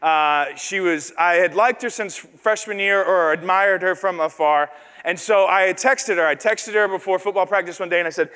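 A man preaches in a large hall, and his high, bright voice rings out into a long reverb. He tells a story that pokes fun at himself and puts on the voices of the people in it. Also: brisk, clean tone. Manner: self-deprecating storytelling, acts out quoted voices. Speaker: pastor. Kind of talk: sermon with personal story.

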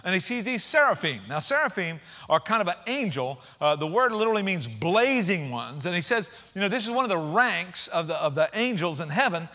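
A man delivers a sermon in a high, bright voice. His preaching is energetic and casual, and he drops slang asides to his listeners. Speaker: pastor.

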